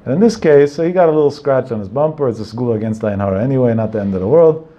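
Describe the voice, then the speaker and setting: Male religious teacher, mellow low voice, anecdotal and digressive, lo-fi sound. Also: lively intonation, rapid-fire. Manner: digressive, anecdotal, sprinkled with Hebrew terms. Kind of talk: Torah talk with storytelling.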